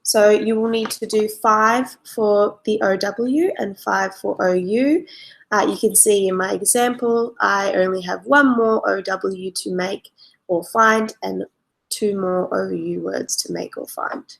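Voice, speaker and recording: A woman's voice: medium pitch, steady tone. Woman teaching young children. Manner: slow and clear, spelling out and explaining for young pupils. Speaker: primary school teacher. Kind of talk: recorded remote lesson for children.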